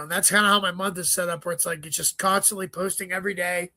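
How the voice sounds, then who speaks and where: A man, a stand-up comedian, chatting as an interview guest, telling stories quickly with swearing and joking asides. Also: sits high, steady tone, sharp tone. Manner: profane, rapid storytelling with joking asides. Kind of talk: casual interview chat.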